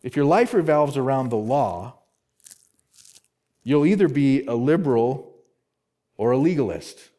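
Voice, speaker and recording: A man's voice: medium pitch, lively intonation, unhurried, long pauses, mellow. A male pastor preaching an expository sermon, emphatic, repeating key words and asking rhetorical questions.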